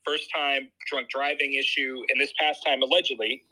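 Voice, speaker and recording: Man, podcast co-host, casual storytelling, very sharp bright voice. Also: mid-range voice, flat delivery, moderate pace, low-quality recording. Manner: explains at length, agrees often.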